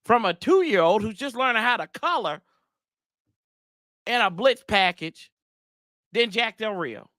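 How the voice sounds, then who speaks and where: A man's voice: high voice, expressive, unhurried, pauses often, sharp tone, no room sound, clean studio sound. A man hosting a casual sports show, ranting in a rambling, exasperated way with slangy asides to his viewers. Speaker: sports podcast host.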